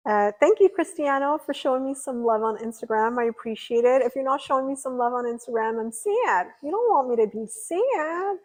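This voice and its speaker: A woman's voice: sits high, fairly quick, few pauses, darkish tone, rough recording. A young woman livestreaming, chatting casually and rambling through viewer comments with lots of fillers. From California.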